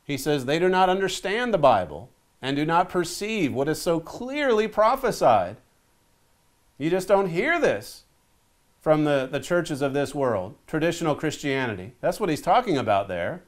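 A man's voice: fairly high pitch, sing-song, moderate pace. Earnest man preaching urgently. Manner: earnest, urgent, reads scripture aloud then exhorts. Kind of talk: sermon-style Bible teaching.

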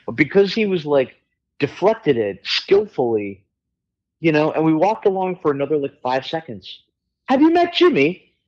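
A man's voice: fairly high pitch, expressive, moderate pace, darkish tone, lo-fi sound. A middle-aged man, a musician guest on a podcast, telling stories in a candid, rambling way, swearing freely and using many fillers. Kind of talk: casual storytelling chat.

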